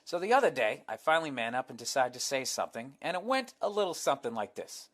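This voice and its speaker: A man's voice: mid-range voice, very animated, fast talker, fairly bright tone. A man with a Boston accent hosting a podcast, reading a listener's letter and answering it in a blunt, sarcastic, profane monologue. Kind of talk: casual comedic podcast monologue.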